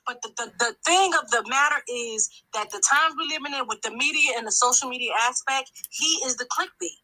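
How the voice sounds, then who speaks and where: Calling in to a talk show, a woman with a high-pitched, bright, forceful voice speaks briskly on a rough recording. She's emphatic and long-winded, frequently starting her sentences over as she delivers impassioned commentary.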